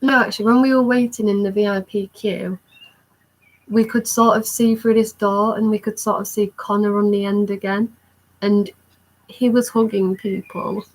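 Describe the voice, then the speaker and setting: A young woman telling an excited storytime vlog in a rambling, chatty way. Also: medium pitch, normal speed, rough recording. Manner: excited, rambling recounting with many fillers. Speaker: vlogger.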